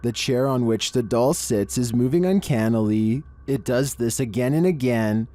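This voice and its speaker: Monotone man narrating a countdown. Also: mid-range voice, moderate pace. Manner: monotone, flat delivery. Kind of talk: scripted narration. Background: faint background music.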